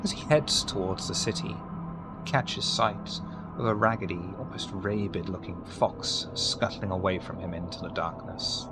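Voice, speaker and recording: A man narrating a tabletop role-playing game as game master, in a steady, descriptive way. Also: sits low, a little slow, over loud music.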